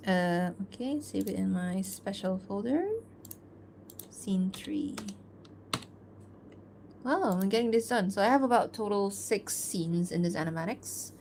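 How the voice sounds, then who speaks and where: A woman's voice: mid-range voice, unhurried, long pauses, darkish tone, slight background noise. Chatty woman streaming her art. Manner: chatty and loose, full of "like" and small laughs; reads fan-fiction narration aloud. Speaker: artist streaming her work. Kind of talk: casual livestream chat.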